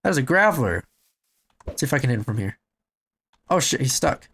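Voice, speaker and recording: A young man commentating his game, excitable and swearing, shouting at what happens on screen. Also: medium pitch, brisk, long pauses, husky. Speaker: gamer. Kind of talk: let's play commentary.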